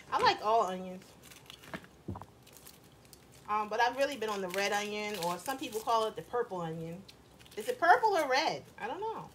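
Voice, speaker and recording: A woman cooking in her home kitchen chats casually with her viewers as a cooking vlogger, often saying "y'all" and asking them questions. Her voice is a little high, and there is background noise.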